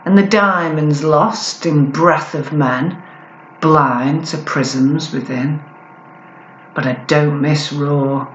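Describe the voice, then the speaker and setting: Deliberate, defiant woman poet. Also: fairly low pitch, muffled recording, slight background noise. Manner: defiant, deliberate, drawn-out delivery. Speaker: performance poet. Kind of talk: spoken-word poetry performance. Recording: echoey room.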